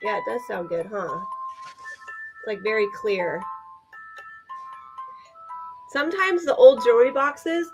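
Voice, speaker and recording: A woman co-hosting a live vintage sale, chatting enthusiastically as she describes items. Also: fairly high pitch. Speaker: vintage seller co-host.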